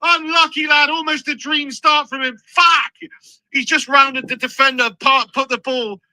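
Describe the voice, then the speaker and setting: Excitable high-voiced football fan. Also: male voice, a little slow, dry recording, poor audio. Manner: excitable, swearing, shouting at goals. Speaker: football channel host. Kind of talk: live match watch-along commentary.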